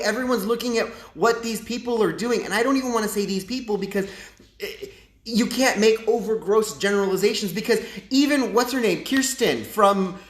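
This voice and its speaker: A man hosting a casual live stream with political commentary, talking in a chatty, animated way full of rambling asides into his phone's front camera. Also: high voice, reverberant. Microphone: phone front-facing camera.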